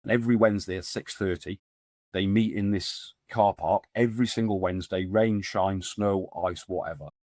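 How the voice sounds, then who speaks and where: Telling stories casually on a podcast, a middle-aged man, founder of a men's support group, rambles with frequent fillers and restarts. His voice is low, a little mellow, and steady in tone at normal speed, recorded at studio quality with no echo.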